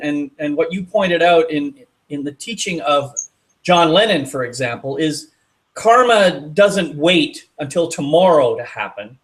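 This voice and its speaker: A man hosting a casual talk show, relaxed and rambling, with fillers and restarts. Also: fairly high pitch. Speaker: host. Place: outdoors in a city at dusk.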